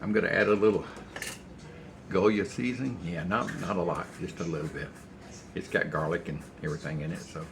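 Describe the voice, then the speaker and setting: A man's voice: sits low, fairly even intonation, fairly quick, gravelly, noisy background. An older man, rambling folksy stories as he cooks in his home kitchen. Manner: rambling, folksy storytelling while cooking. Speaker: cooking channel host. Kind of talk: casual cooking vlog chat.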